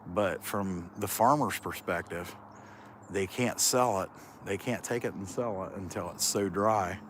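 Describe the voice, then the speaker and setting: A man's voice: low-pitched, unhurried, fairly bright tone, a little hiss or hum. Rambling man with a Kentucky drawl. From Central Ohio. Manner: rambling, self-described lazy drawl. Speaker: livestream host. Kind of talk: casual live chat while hunting. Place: outdoors in farm fields.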